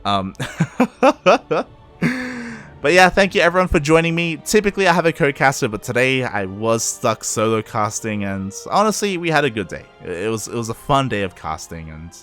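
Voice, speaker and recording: Young male caster, Australian accent with a Latin American lilt, tired, casual and loose, mid-pitched. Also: fairly bright tone. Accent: Australian with Latin American influence. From Australia, Peruvian parents. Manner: rambling, self-correcting, chuckles often. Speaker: esports caster. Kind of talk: casual stream wrap-up chat.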